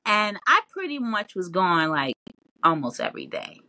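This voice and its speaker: A woman guest in a casual interview, telling her story in an animated way with lots of laughs and fillers. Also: on the low side, moderate pace. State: tearful, near crying.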